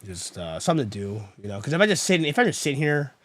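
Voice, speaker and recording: Male streamer, frustrated, lively pitch that jumps from loud outbursts to low mutters, dry close sound. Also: fast talker, no room sound. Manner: chats with viewers while troubleshooting. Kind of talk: casual live-stream chat.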